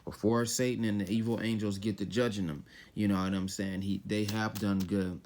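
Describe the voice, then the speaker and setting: Lowish-voiced man preaching casually from scripture. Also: little pitch movement, normal speed, a little mellow, slight background noise. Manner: loose and conversational, reading verses then explaining them in slang; often repeats "you know what I'm saying". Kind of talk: informal scripture teaching.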